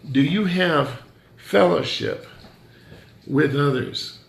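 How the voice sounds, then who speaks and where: A man's voice: on the high side, slow pace, gravelly, echoey room. A male pastor giving a conversational sermon, joking and challenging his listeners directly.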